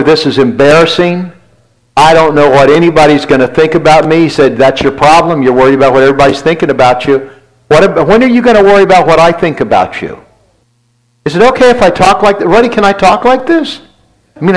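Male pastor, high voice, sermon storytelling, confessional and self-deprecating, voices his talks with God. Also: poor audio. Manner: storytelling, acts out dialogue with God.

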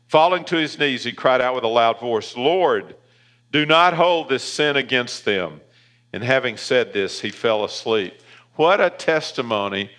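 In a church, a Southern-accented pastor preaches emphatically, his somewhat bright voice climbing in pitch on key points.

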